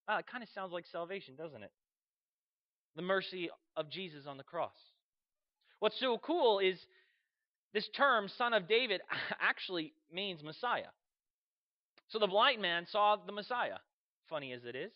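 A man preaching a sermon, telling the story with animated energy, acting out voices and sometimes shouting. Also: high voice, a little slow, long pauses, muffled recording.

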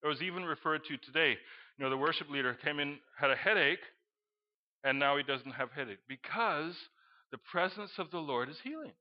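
Middle-aged male preacher, animated storyteller with sudden loud exclamations, slightly high voice. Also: fairly quick. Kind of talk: sermon with storytelling. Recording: dull lo-fi recording.

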